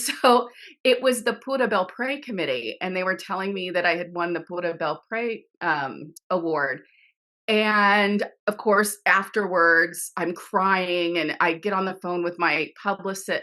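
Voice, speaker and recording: A middle-aged woman, an author, telling a story in a casual interview over a video call, animated and laughing often, with many restarts. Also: on the low side, measured pace. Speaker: author guest.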